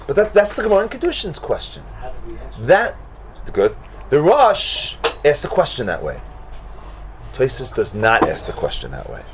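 Animated man teaching a Talmud class. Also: a little high, a little fast, a little hiss or hum. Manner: animated, questioning, mixes Hebrew and Aramaic terms.

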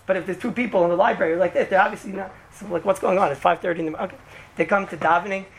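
A man giving an informal religious talk to a group, telling a rambling, animated story full of "right?" asides. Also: high voice, rapid-fire, gravelly. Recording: noisy background hiss.

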